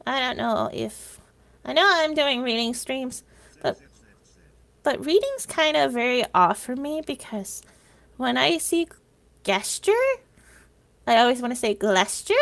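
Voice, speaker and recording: Woman, livestreamer, casual rambling chat, somewhat high voice, gravelly. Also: moderate pace, pauses often, a bit bright. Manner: rambling, chatty, trails off into whispers.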